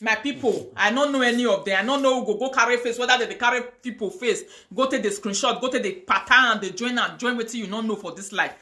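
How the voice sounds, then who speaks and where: Ranting on a live video, a Nigerian-accented online host talks fast with hardly any pauses, her voice high-leaning and sharp. She mixes pidgin into her speech and chants fiery curses and prayers.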